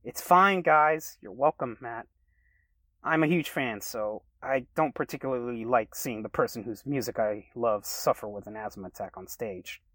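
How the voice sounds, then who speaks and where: A man's voice: normal speed, a bit bright, no room sound, close to an everyday voice. A man voicing a confident, easygoing young woman fan in a read-aloud story. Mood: friendly. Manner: friendly, easygoing, raised pitch.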